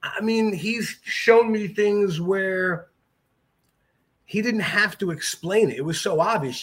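Middle-aged male guest with a high voice, lively, joking anecdotes. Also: measured pace. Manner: animated, jokey, mimics voices. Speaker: podcast guest, jiu-jitsu black belt. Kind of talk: casual storytelling.

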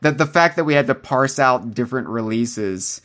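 A man's voice: mid-range voice, animated, moderate pace, a bit bright. A man co-hosting a podcast, chatting casually and rambling with restarts and fillers. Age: adult, calls himself old. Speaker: podcast co-host.

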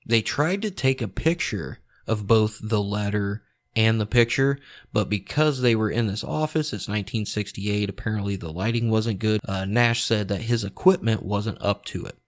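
A man telling a story in a casual, relaxed way, swearing freely and chuckling often. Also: lowish voice.

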